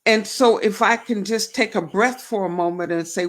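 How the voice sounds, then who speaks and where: A woman's voice: mid-range voice, normal speed. A woman hosting a faith-based talk show, reflecting aloud and asking herself questions. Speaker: show host.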